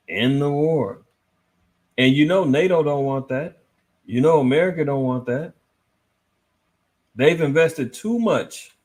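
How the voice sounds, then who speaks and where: A man hosting a casual news commentary livestream, reading articles aloud and answering his chat in a lively, swinging voice. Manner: animated, swinging between loud and low, reads articles aloud, talks to chat. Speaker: host.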